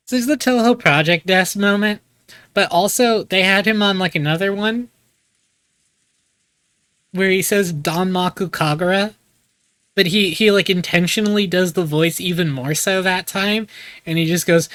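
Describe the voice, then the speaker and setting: Streamer: a man from the US, excitable and profane, fairly high voice. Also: moderate pace, no room sound. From United States. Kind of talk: live let's play commentary.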